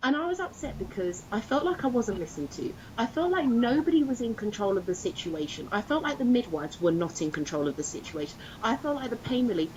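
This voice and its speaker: A woman's voice: on the high side, big pitch swings, brisk, hardly any pauses, darkish tone, highs cut off, a little hiss or hum. A woman co-hosting a podcast, telling a personal story in a casual chat and acting out the voices of others. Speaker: podcast co-host.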